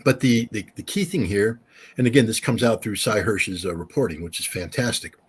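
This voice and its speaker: A man's voice: fairly low pitch, fairly quick, husky. A middle-aged man, a former weapons inspector, talking emphatically in a casual interview. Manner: emphatic, animated storyteller.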